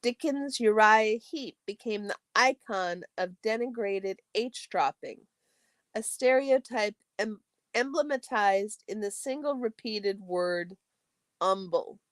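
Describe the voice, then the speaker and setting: Woman host reading study text aloud, measured pace, phrase ends fading to a whisper, dry close sound. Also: mid-range voice, dry recording. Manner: steady, measured reading with a few restarts, phrase ends trailing into a soft whisper.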